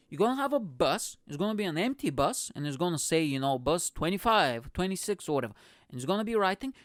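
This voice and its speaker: A young man hosting a comedy podcast, ranting in a rambling, animated monologue full of swearing and asides. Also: a little high, no echo, studio quality.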